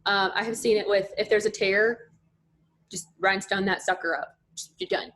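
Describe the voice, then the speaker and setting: A woman's voice: medium pitch, steady tone, moderate pace, fairly bright tone. A young woman chatting as a podcast guest, telling stories freely and filling her speech with "like". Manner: chatty, storytelling, lots of "like" fillers. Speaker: podcast guest, pageant contestant. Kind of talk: casual podcast chat.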